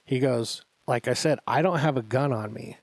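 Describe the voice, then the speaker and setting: A man's voice: medium pitch, moderate pace, no room sound. Man, podcast co-host, casual storytelling, acts out quotes, mid-range voice, dry studio sound. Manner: animated anecdote-telling with acted-out quotes.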